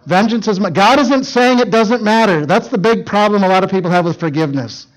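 A middle-aged man from northern Minnesota preaching to teens, telling personal stories in an animated way that swings from hushed to loud. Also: high-pitched, a little fast, low-quality recording. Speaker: youth speaker. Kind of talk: storytelling sermon.

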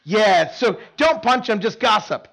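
Guy giving a sermon, pretty high voice, keeps restarting and doubling words, chats with the crowd. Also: creaky, rough recording. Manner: animated, repeats words and restarts, quick asides to the crowd. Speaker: preacher. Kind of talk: sermon with live volunteer demonstration.

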